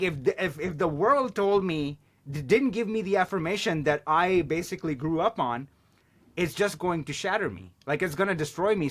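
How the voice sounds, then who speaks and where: A man talking as a podcast guest, telling stories in an animated way and swearing casually. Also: on the high side. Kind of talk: casual chat.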